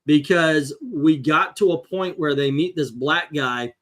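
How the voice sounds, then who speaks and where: Middle-aged male host, slightly high and bright, animated storyteller. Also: a little slow. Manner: animated storyteller, voices impressions. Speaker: comic book channel host. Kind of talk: casual panel chat.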